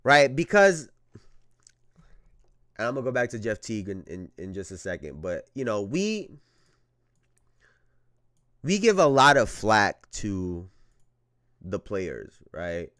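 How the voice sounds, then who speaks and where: A man's voice: fairly low pitch, big pitch swings, takes it slowly, pauses often, fairly bright tone, dry recording, clean studio sound. A man hosting a casual basketball talk show, talking in a slangy, conversational way and often repeating phrases. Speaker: podcast host.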